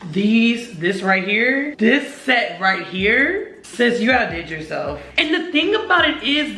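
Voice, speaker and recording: A woman's voice: mid-range voice, fairly bright tone, roomy sound. A young woman vlogging an unboxing, gushing and slangy, talking straight to her viewers. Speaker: beauty vlogger. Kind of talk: excited unboxing vlog.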